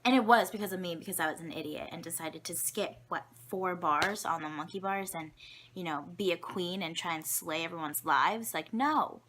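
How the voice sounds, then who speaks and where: A young woman vlogger tells childhood stories to camera in a chatty, rambling, self-mocking way. Her pitch is fairly low and her pace moderate, with a noisy background behind her.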